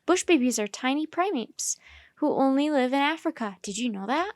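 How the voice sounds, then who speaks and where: A woman's voice: sits high, normal speed, no echo, clean studio sound. A woman voicing an eager young girl who coos and worries aloud. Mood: cooing. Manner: excited, cooing.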